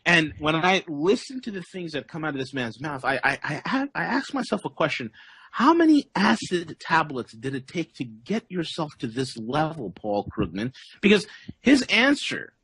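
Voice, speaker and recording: An intense male interviewer with a husky edge, stammering over his repeated words. His voice sits a little high, and the recording is dry with no room sound. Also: big pitch swings, moderate pace, fairly bright tone, dry recording. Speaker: interview host. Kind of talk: interview conversation.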